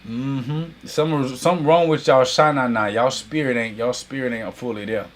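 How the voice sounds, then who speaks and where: A man hosting a live online business class, greeting viewers, teasing them playfully and hyping them up in a casual, animated way. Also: mid-range voice, normal speed. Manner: playful teasing banter with chat; animated hype, heavy use of y'all. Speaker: host and business coach. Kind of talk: casual livestream class intro.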